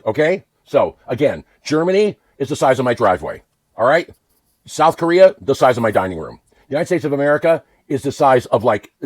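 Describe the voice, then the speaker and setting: A man delivering a blunt, profane political rant to camera, swinging between low muttering and outbursts. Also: dry recording. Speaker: vlogger.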